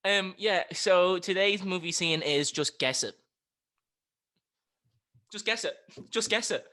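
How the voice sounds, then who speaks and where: Young man, high bright voice, animated, jokey podcast banter over a video call. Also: slow pace. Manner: jokey, laughs often. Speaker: podcast co-host. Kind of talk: casual chat.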